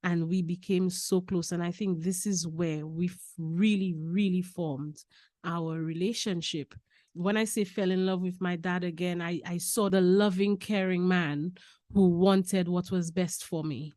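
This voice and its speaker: Podcast guest: a woman with a lowish voice, recorded dry and close, who tells her stories with laughter and repetition. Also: measured pace, no room sound. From Saint Lucia. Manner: lively, laughing storyteller who repeats key phrases. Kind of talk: casual personal storytelling.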